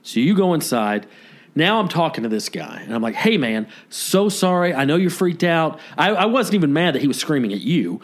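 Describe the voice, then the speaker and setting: A man's voice: on the high side, normal speed. A man co-hosting a comedy podcast, telling a long story in casual chat and acting out the people in it. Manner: animated storyteller who acts out quotes. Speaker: podcast co-host.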